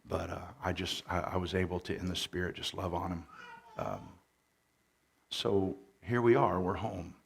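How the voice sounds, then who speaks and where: A middle-aged man, a pastor telling stories in a relaxed, joking sermon full of fillers. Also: deep voice, moderate pace, gravelly. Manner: folksy storytelling with jokes and fillers; louder and more forceful after the mic change. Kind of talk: conversational sermon. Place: church.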